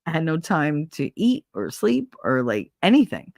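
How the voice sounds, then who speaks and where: A woman's voice: deep voice, very animated, moderate pace, gravelly, a little mellow, dry recording, studio quality. A woman streamer with a New Jersey accent who chats casually and rambles, laughing often and swearing freely. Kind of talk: casual solo chat.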